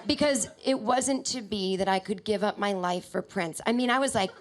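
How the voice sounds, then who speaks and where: A woman comedian telling a rambling, self-deprecating stand-up story on a small stage into a handheld mic, with sudden shouty bursts. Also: medium pitch, expressive, normal speed, few pauses. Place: small stage in a comic book shop.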